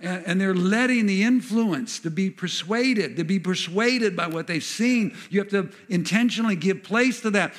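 A man delivers a sermon with a slightly higher-than-usual voice. He preaches in an animated way and acts out the speakers he quotes as he goes. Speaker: pastor.

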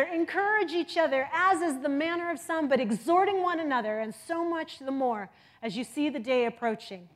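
A middle-aged woman preaching a sermon with passion, moving from loud exhortation to hushed intensity. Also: sits high, normal speed. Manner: impassioned, swings from loud exhortation to soft intensity.

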